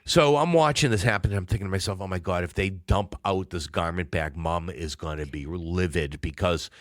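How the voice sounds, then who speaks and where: Deep-voiced man telling a rambling story. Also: brisk, no echo, studio quality. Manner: rambling, long-winded anecdote telling. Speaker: podcast co-host. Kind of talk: casual storytelling chat.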